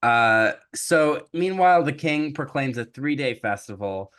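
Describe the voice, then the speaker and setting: A man's voice: mid-range voice, lively intonation, a little slow, fairly bright tone, clear, resonant tone. Jokey man retelling a fairy tale. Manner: jokey, casual, many fillers. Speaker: podcast host.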